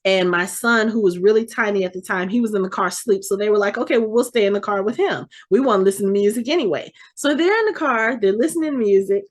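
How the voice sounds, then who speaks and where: A middle-aged woman, co-hosting a podcast and telling a long casual story in a chatty, animated way, often restarting and correcting herself. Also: mid-range voice, fast talker, hardly any pauses. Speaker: podcast co-host.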